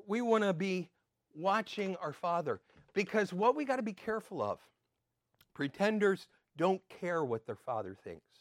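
An older man giving an earnest sermon as a pastor, swinging between emphatic and soft. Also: sits high, big pitch swings, moderate pace, no room sound, clean studio sound.

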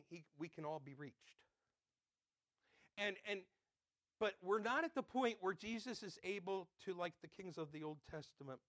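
A male pastor with a high voice delivers a lively sermon. He acts out children squabbling on a playground, then settles into reading scripture. The sound is dry and close. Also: no echo. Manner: animated, acts out playground kids with shouted bits. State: out of breath.

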